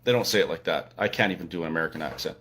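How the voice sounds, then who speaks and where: A man's voice: low voice, very fast, a bit bright, breathy edge. A man from Alberta with a Canadian accent, hosting a casual livestream from a hotel room and speaking in an opinionated, sarcastic, emphatic way. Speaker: livestream host.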